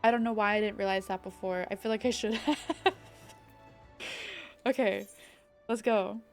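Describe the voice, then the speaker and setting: A woman's voice: medium pitch, steady tone, normal speed, soft background music. A young woman chatting casually while streaming a game, thinking aloud and greeting viewers. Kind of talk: casual live-stream chat.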